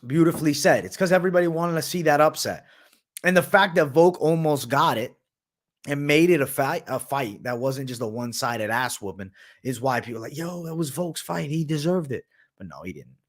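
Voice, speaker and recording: Speaking fairly quickly in a medium-pitched voice, a young male livestream host reads his viewers' questions out and fires back blunt opinions. His talk is slangy and relaxed, with "bro" and "man" coming up a lot.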